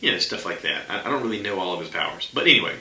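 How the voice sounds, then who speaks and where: A man's voice: sits low, animated, racing, pushed and bright. A man talking casually and at length on his own podcast, rambling with lots of fillers and restarts. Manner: rambling, chatty, many fillers. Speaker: podcast host. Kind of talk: casual solo podcast chat. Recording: echoey room with faint ambient noise.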